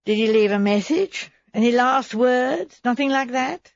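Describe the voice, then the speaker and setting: A woman's voice: fairly high pitch, animated, unhurried, vocal fry, dry recording, muffled recording, pitched above the performer's own voice. A woman narrator voicing a stout, florid middle-aged man who is falsely hearty and pushy, read for an audiobook. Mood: wheedling.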